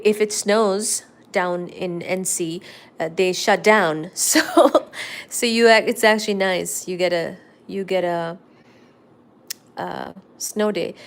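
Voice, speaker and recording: A young woman from India hosting a casual live stream, chatting and reading viewer comments aloud with loud exclamations. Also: lowish voice. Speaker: livestream host.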